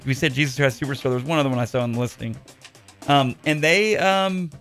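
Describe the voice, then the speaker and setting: A man's voice: medium pitch, fast talker, a bit bright. Podcast host guy, jokey and rambly, faint music under. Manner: jokey, rambling, many fillers. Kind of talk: casual podcast chat.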